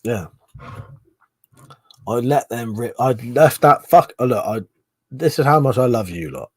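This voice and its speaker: A man's voice: medium pitch, lively intonation, unhurried, breathy edge, dry recording. A man hosting a casual live stream, drunk, swearing a lot and laughing as he reads viewer comments. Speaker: livestream host.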